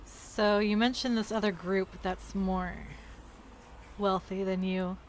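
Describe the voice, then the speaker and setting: A woman's voice: medium pitch, fairly even intonation, slow, a little hiss or hum. Woman player asking careful questions. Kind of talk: casual tabletop play over a voice call.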